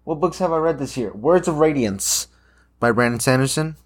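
A man's voice: mid-range voice, expressive, normal speed. Rambling, swearing young guy. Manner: rambling, swears a lot, many fillers and restarts. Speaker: vlogger. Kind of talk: casual rambling monologue.

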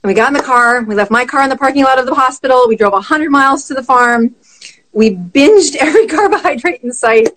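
A middle-aged woman, a physician guest, telling a personal story in conversation, animated and quick to laugh. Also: high-pitched, poor audio.

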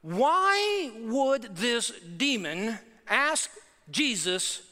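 A man's voice: high voice, lively intonation, measured pace, bright, forceful tone, long reverb tail. A male pastor preaching a sermon in a church, emphatic and repetitive.

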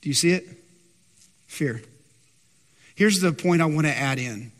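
A male pastor preaching a sermon, rising loud on his questions and dropping soft and low for his stories. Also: animated, a little slow, in a large hall. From Texas, USA.

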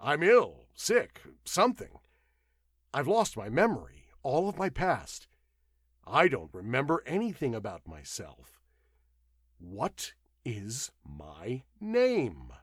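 A man's voice: mid-range voice, wildly swooping pitch, slow, fairly bright tone, husky, no room sound, clean studio sound, exaggerated voice. A man playing a bewildered man without memory. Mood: distressed. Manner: bewildered, strained. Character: perplexed man who lost his memory.

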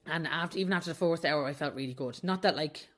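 Woman podcast host, young adult, candid and confessional, slightly low voice, laughs often. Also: fast. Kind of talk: casual solo podcast talk.

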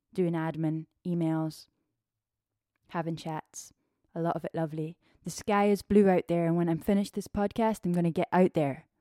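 A woman with a lowish voice hosts her own casual solo podcast, talking freely and chattily with plenty of fillers and sounding a little out of breath. Her manner is warm-hearted and free-flowing, and the clean studio sound has no echo.

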